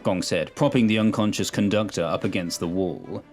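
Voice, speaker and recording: A man narrating a sci-fi audio story in a measured, steady way. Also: low-pitched, soft background music.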